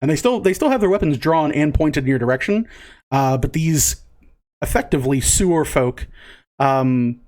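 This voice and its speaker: A man's voice: on the high side, expressive, normal speed, a little mellow. A man running a tabletop game as game master, describing scenes in loose narration full of fillers.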